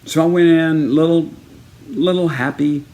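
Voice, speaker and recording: A man from Texas tells a story in a casual personal video message. His voice sits somewhat high for a man, and he keeps it lively by acting out every person in the story with raised, punchy delivery. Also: measured pace.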